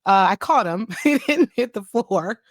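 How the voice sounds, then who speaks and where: A woman in her thirties hosting a podcast as a child psychiatrist, talking in a chatty, animated way and laughing easily. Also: medium pitch, measured pace, no echo, clean studio sound. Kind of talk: casual solo podcast talk.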